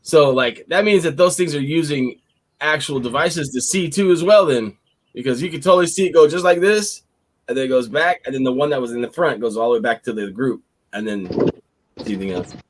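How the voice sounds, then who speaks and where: A man telling a wild story in casual chat, animated and profane, getting excited as he tells it. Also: medium pitch, brisk.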